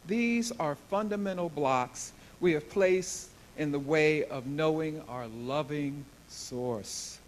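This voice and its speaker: Man, reader at a service, earnest, deliberate, very slow, slightly high voice. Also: a little hiss or hum, rough recording. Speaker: guest reader at a spiritual service. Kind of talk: reading a book excerpt aloud.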